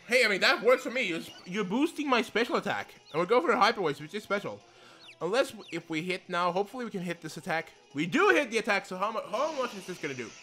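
Young male gamer, high lively voice, bright and excitable, faint game music behind; casual let's-play commentary. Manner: excitable, swears, apologizes a lot.

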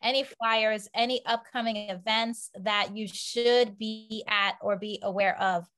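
A woman's voice: mid-range voice, steady tone, a little slow, fairly bright tone. A woman hosting a community group livestream, giving plain, friendly reminders and announcements.

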